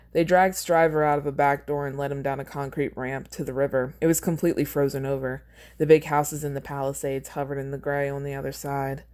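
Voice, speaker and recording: A woman's voice: rumbling low, darkish tone. A woman hosting a podcast, reading her own fan fiction aloud and chatting casually about it, laughing at her own lines.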